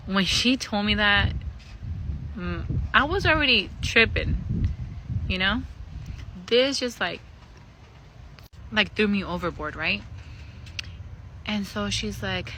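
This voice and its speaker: A woman in a casual storytime vlog, candidly and profanely retelling an eerie experience in an animated way. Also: mid-range voice, slow, pauses often, slight background noise, low-quality recording.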